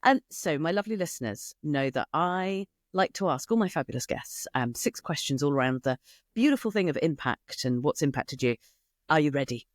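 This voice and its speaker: A woman's voice: low-pitched, lively intonation, moderate pace, no echo, studio quality. A British woman hosting a podcast interview, playful and jokey, laughing often. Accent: British English. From Britain. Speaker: podcast host. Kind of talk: casual interview chat.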